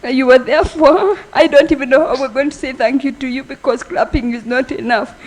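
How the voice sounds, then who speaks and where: A woman giving a funeral eulogy for her brother, halting and emotional, speaking softly. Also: high voice, low-quality recording. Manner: halting, emotional, soft-spoken. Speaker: family member giving a eulogy.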